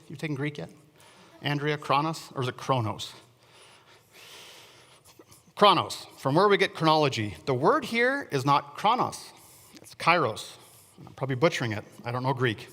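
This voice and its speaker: A man's voice: mid-range voice, fairly bright tone, long reverb tail. A man preaching a conversational sermon, often turning to the congregation with questions and offhand asides. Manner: chatty, asks the congregation questions, self-deprecating asides. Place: church sanctuary.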